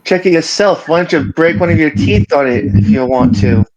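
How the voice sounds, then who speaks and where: A man's voice: fairly high pitch, normal speed, muffled recording, background noise, close to an everyday voice. A man voicing a foul-mouthed, dapper male raccoon with a cane in a tabletop game, talking with brash, cursing swagger. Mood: cocky.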